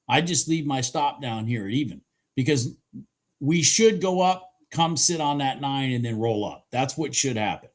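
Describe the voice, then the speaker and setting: A man doing live commentary on his day trades, hoarse and clearing his throat, cheering the chart on and swearing casually. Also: medium pitch, lively intonation, moderate pace.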